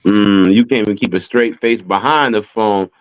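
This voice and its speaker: A man's voice: fairly low pitch, normal speed, no room sound, muffled recording. A man hosting a casual talk show, teasing his guests and dropping short humming replies. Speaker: podcast host. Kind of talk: casual chat.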